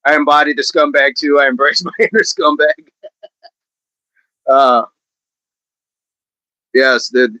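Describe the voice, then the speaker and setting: A man's voice: on the high side, takes it slowly, long pauses, bright, forceful tone, dry recording, muffled recording. A middle-aged man hosting a livestream, chatting casually, reading viewers' comments, laughing often and repeating phrases playfully. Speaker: livestream host.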